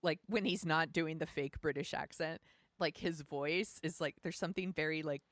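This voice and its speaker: A woman's voice: low voice, normal speed, a bit bright, no echo. A woman co-hosting a podcast, chatting casually about films in a gushing, filler-heavy way. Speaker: podcast co-host. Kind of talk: casual film chat.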